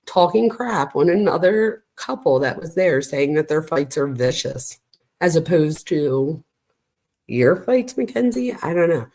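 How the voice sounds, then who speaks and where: A woman's voice: low-pitched, animated, slow pace, darkish tone. A woman hosting a true crime show, chatting to viewers with incredulous asides as she reads out text messages. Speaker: true crime host and psychology professor. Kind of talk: casual commentary reading text messages aloud.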